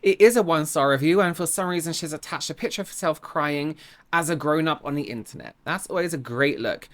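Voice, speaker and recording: Low-voiced sarcastic English woman. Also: fairly quick. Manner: sarcastic, exasperated. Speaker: reaction video host. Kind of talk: reaction commentary.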